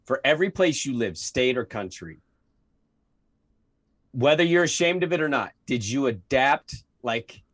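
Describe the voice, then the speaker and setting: A man's voice: medium pitch, expressive, unhurried, pauses often, fairly bright tone, no echo, clean studio sound. A man co-hosting a casual sports podcast, teasing his partner and laughing along. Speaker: podcast co-host.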